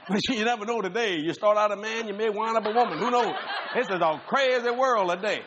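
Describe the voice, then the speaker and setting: A male pastor telling a humorous story in a sermon, animated and laughing often as he acts out voices. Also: sits high, a little fast, highs cut off, a crowd in the background. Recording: noisy live recording.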